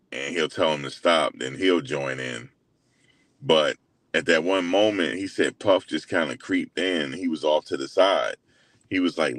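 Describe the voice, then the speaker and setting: A young man hosting his own channel, retelling a story in a loose, slangy way full of fillers, animated and incredulous as he quotes others. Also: a bass voice, dry recording. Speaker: host. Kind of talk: casual storytelling recap.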